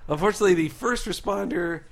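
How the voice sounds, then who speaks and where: A man co-hosting a comics podcast, talking in a rambling, casual way with lots of fillers and quick asides. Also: high voice, creaky. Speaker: podcast co-host. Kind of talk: casual chat.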